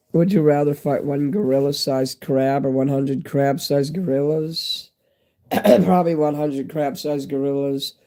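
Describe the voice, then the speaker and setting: A man in his fifties with a hoarse, fading voice and a stuffy nose, rambling candidly to his viewers in a casual live-stream chat. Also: on the high side, takes it slowly, long pauses, warm tone. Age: 50s.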